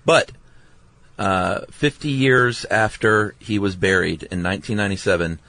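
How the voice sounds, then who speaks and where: A man's voice: fairly low pitch, moderate pace, bright, forceful tone, no echo. A man co-hosting a podcast, chatting casually and reading out listener mail in an easygoing way. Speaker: podcast co-host. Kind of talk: casual chat.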